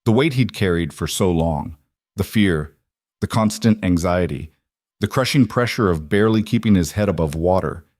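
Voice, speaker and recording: A man narrating a scripted story in a steady storytelling manner. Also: low voice, moderate pace, no room sound, studio quality.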